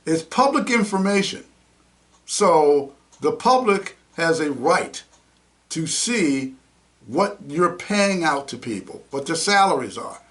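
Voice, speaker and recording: Animated, high-voiced indignant male host. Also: slow. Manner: indignant, mocking, name-calling rants. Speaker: podcast host. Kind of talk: heated commentary.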